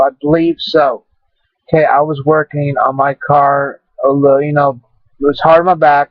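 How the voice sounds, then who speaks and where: A man's voice: medium pitch, creaky, breathy edge, no echo, highs cut off. A man telling viewers a personal story in a rambling, casual way, repeating himself and acting out what others said. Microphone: webcam.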